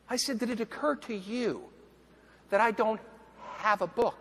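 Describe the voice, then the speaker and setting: High, bright-voiced man giving a keynote. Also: measured pace. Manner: animated, acts out quoted voices, bursts into shouts. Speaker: motivational keynote speaker. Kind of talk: storytelling keynote speech. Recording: echoey hall, faint background noise.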